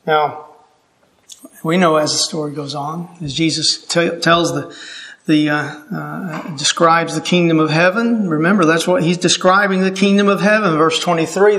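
A man's voice: high voice, a bit bright. A man preaching a sermon, earnest and emphatic, putting questions to his listeners.

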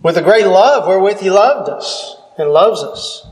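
A man's voice: high voice, animated, a little slow. A man preaching a sermon, earnest and emphatic, putting questions to his listeners.

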